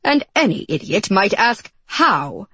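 A man's voice: sits high, sing-song, slow pace, sharp tone, slightly rough, no room sound, heavily acted. A woman reading a storybook voices a gloomy, despairing male court astronomer who talks to his servant with exasperation and scorn. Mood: exasperated.

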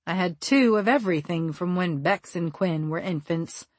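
A woman narrating a first-person story for an audiobook in a measured, wry and deliberate way, close on the mic. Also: on the low side, no room sound.

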